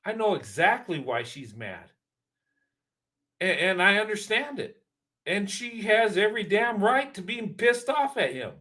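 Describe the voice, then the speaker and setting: Guy reacting to a clip, high sharp voice, preachy and emphatic, hammers his points over and over. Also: sing-song, measured pace. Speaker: reaction video host. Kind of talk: casual commentary.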